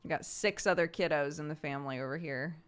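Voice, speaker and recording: A woman streamer in her thirties chats with her viewers in a relaxed, talkative way. Her voice sits a touch low, and she tells home anecdotes and breaks into laughter often. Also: fast talker, smooth. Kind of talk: casual chat with viewers. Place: home in the countryside.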